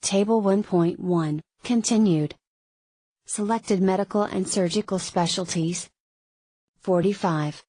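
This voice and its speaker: Woman, textbook reading, flat word-by-word delivery, slow, dry close sound. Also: medium pitch, dry recording, poor audio. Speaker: narrator of a medical terminology lesson. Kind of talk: reading textbook pages aloud.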